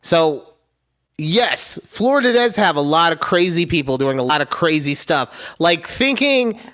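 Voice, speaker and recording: Hyper young male podcast co-host, high-ish voice, goes loud and animated on his rants. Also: a little slow. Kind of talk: casual comedic chat.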